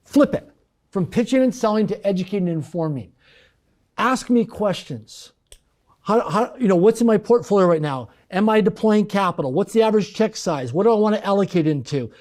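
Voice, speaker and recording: A man's voice: high-pitched, a little fast. A man telling a personal business story in casual conversation, acting out the voices of the people in it. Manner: animated storyteller acting out quoted dialogue. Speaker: podcast guest.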